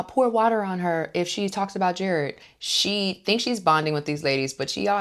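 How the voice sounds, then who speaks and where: Low-voiced chatty woman recapping reality TV. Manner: chatty and opinionated, acts out quotes. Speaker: host.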